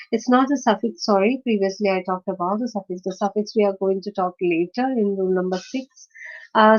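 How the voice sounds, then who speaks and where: A woman teaching a phonetics lesson, hesitant with many fillers and self-corrections, spelling out letters and slowly stressing example words. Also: a little high, darkish tone. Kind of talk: phonetics lecture. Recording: slightly dull lo-fi sound.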